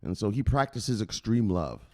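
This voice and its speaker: A man's voice: on the low side, very animated, moderate pace, a little mellow. A man hosting a crypto news show, talking casually, joking, swearing and laughing often. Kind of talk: casual vlog commentary.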